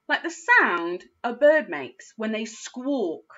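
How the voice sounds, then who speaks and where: A woman teaches phonics to young children, sounding out each word letter by letter. Her voice is bright and lively, moving up and down a lot, and her pace is slow and patient. The recording has a dull, lo-fi quality. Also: a little high. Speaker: primary school teacher.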